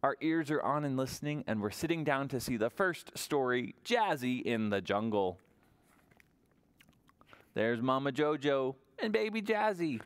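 A man reading a picture book aloud at a library toddler storytime, in an animated sing-song way and often asking the children questions. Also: mid-range voice, measured pace, clean tone. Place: public library storytime room.

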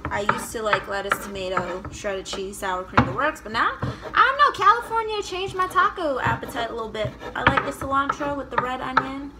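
A woman's voice: high-pitched, a little fast, heavy background noise. A young woman comedian filming a casual cooking vlog in her home kitchen, joking, swearing and chanting silly chopping songs.

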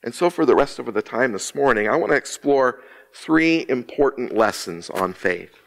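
A man preaching a sermon as associate minister in a church, slow and emphatic, with dramatic pauses and quiet hushed drops. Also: medium pitch, expressive, creaky. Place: church sanctuary.

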